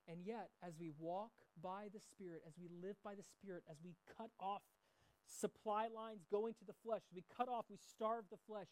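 A man's voice: high voice, fairly even intonation, moderate pace, low-quality recording. A middle-aged man preaching a sermon in a conversational way, mixing scripture with personal stories. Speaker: pastor.

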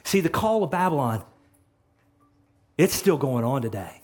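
A man preaching a sermon as a pastor, emphatic, swinging between loud passages and quiet ones. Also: medium pitch, very animated, moderate pace.

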